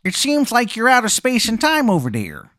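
A man's voice: very high-pitched, wildly swooping pitch, normal speed, sharp tone, no echo, studio quality, pitched above the performer's own voice, full character voice. A man voicing a boozy male wizard with an exaggerated Chicago accent. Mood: brash.

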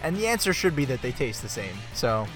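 Very animated and fairly quick, this medium-pitched, somewhat bright man speaks over soft background music. The podcast co-host is blunt in casual chat, arguing playfully, swearing freely and saying "like" constantly.

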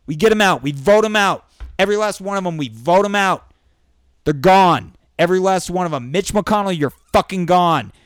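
Fired-up, sweary high-voiced man ranting. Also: expressive, moderate pace, smooth, no echo, studio quality. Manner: angry, sweary, ranting with bursts of shouting. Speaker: vlogger. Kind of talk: profane political rant. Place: indoors during a thunderstorm.

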